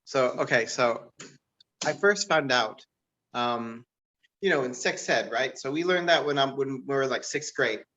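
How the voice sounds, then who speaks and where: A man doing stand-up comedy who laughs at his own jokes and rambles with lots of fillers, jumping way up in pitch when he quotes people. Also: animated, a little slow, pushed and bright, highs cut off, slight background noise. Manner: jumps to a much higher pitch to act out quoted people. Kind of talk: live-streamed stand-up comedy.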